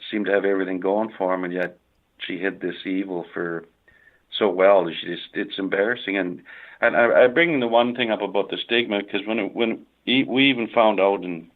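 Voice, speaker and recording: A middle-aged man from Canada tells a personal story in conversation, halting with many fillers and restarts. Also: sits low. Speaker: guest. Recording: tinny phone-like line.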